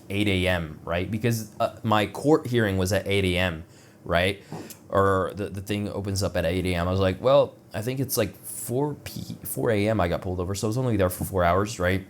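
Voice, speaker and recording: A man's voice: fairly low pitch, slight background noise. A young man telling a personal story in casual, rambling talk, full of filler words and swearing, acting out the other people in it. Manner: rambling, profane, heavy filler words, laughs at his own jokes; acts out other people's lines in quoted voices. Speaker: vlogger.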